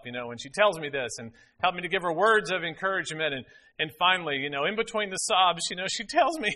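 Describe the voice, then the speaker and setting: A man's voice: sits high, animated, fast, pushed and bright. A middle-aged man preaching a sermon, telling a family story in a folksy way with many fillers.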